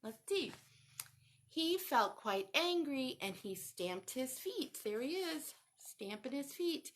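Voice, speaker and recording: A woman reading a picture book aloud to children, animated and sing-song, stopping to ask them questions. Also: high-pitched, slow. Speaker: children's storytime reader.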